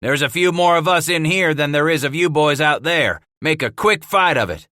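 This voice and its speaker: Man voicing a gruff trapper leader. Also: on the high side, animated, normal speed, sharp tone, no room sound, studio quality, voice pushed up. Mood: commanding. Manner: gruff, commanding, blunt. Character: commanding male trapper brigade leader.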